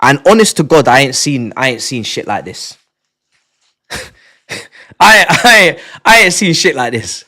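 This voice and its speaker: A man, chatting live on stream to his viewers, excitable, repeating and stumbling over words, sometimes shouting. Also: a little slow, long pauses. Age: 20s. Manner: shouts in bursts, then drops to low mutters. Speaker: livestreamer.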